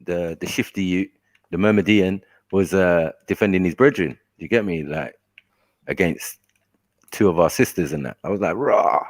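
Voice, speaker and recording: A man on a casual panel chat, asking questions in a laid-back way and trailing off quietly. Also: sits low, normal speed.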